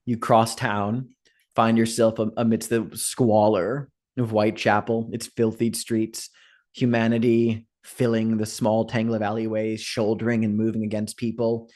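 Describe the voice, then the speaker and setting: A man's voice: on the low side, flat delivery, a little slow, a little mellow. A man as game master, narrating a tabletop game in a casual, loose way. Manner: casual, laughing, filler-heavy.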